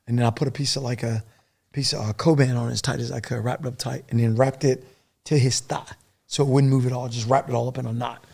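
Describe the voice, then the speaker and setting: Fast-talking gravelly man telling war stories. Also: mid-range voice. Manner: profane, animated, rambling. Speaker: podcast guest, former soldier. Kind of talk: casual war storytelling.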